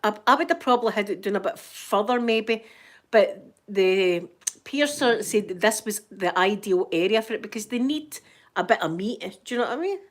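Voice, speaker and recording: A woman's voice: medium pitch, animated, moderate pace. A Scottish woman hosting a casual ASMR stream, chatting to viewers in the chat while she knits and laughing often. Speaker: ASMR livestream host.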